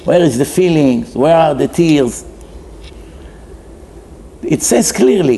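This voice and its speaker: A man's voice: fairly high pitch, measured pace, slight background noise. A man, a rabbi, giving a humorous sermon, animatedly acting out the figures. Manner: animated storyteller acting out characters in quotes.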